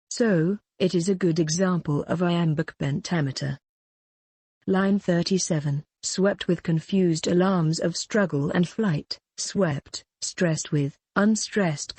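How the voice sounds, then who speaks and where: Low, husky-voiced woman teaching poetry. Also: darkish tone, dry recording. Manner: slow, deliberate scansion of verse. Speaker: literature teacher. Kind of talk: poetry lesson.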